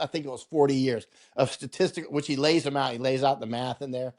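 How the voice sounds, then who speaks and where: A man's voice: medium pitch, brisk. A male war correspondent talking casually as an interview guest over a video call, rambling with restarts, quoting himself and laughing often. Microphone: remote video call.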